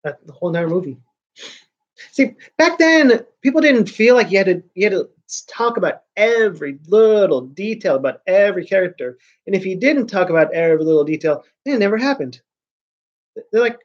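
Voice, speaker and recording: A man's voice: sits high, lively intonation, brisk, dull audio. A man hosting his own vlog in casual chat, rambling along with frequent restarts and sentences that trail off. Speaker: vlogger host.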